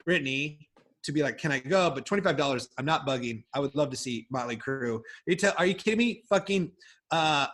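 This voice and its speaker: A man's voice: fairly high pitch, expressive, brisk, fairly bright tone. A man with a slightly raised voice tells loose, rambling stories in a casual chat. He swears freely and wanders off track. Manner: rambling, profane storytelling. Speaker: podcast guest.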